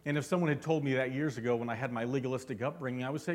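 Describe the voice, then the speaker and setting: A man's voice: medium pitch, rapid-fire. A man preaching a sermon as pastor, fervent and constantly asking his congregation questions.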